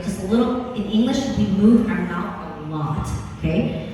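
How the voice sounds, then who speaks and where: A woman's voice: mid-range voice, normal speed, darkish tone, recorded from a distance, slight background noise. Direct woman coach in echoey hall. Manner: direct, repeats "okay?" to check understanding. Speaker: speaking coach giving feedback. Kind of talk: classroom feedback. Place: large room with students.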